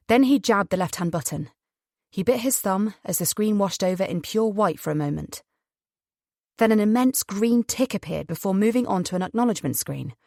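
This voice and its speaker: A woman narrating a thriller audiobook in an expressive storytelling manner. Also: mid-range voice, no room sound, clean studio sound.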